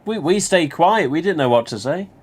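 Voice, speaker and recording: A man from England with a Nottingham accent hosts a live stream, casually telling a rambling, sweary story that keeps restarting. His voice is slightly high, animated and breathy-edged, at a normal speed.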